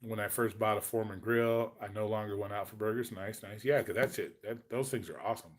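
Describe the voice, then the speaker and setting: A man's voice: lowish voice, fairly even intonation, a little fast. Male host, forties, casual, foul-mouthed, rambling chat delivery. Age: 40s. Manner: profane, rambling storyteller.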